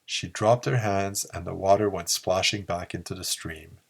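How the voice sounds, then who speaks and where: A man narrating a pulp story in a slow, measured reading. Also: sits low, steady tone, creaky, husky. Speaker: audiobook narrator.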